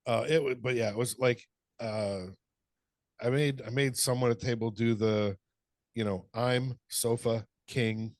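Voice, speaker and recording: A man's voice: mid-range voice, normal speed, darkish tone, no echo. A middle-aged man co-hosting a podcast, chatting casually, telling funny stories, laughing and swearing freely. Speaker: podcast co-host. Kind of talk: casual chat.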